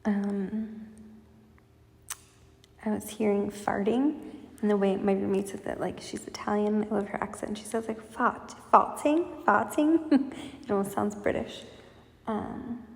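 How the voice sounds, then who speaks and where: A woman giving a casual intuitive spiritual reading, talking in a soft, meandering way with many fillers. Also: medium pitch, flat delivery, a little slow, gravelly, pauses often. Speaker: spiritual channel reader. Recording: echoey room with long reverb.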